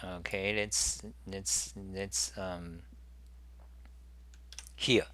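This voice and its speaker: A man hosting a live software demo, thinking aloud with halting restarts and repeated words as he works. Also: deep voice, little pitch movement. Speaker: programming tutorial host.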